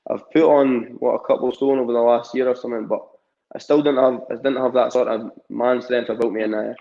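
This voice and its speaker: Young Scottish male guest, casual, rambling, mid-pitched, muffled audio. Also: little pitch movement, a little fast, gravelly, mellow. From Scotland. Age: young adult. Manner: rambling, many fillers and restarts. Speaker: amateur boxer, guest. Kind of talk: casual interview chat.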